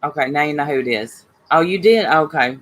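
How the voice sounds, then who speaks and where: A woman's voice: deep voice, a little fast, poor audio. A woman hosting a casual livestream, greeting viewers by name and talking bluntly and heatedly about online drama. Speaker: livestream host reading chat.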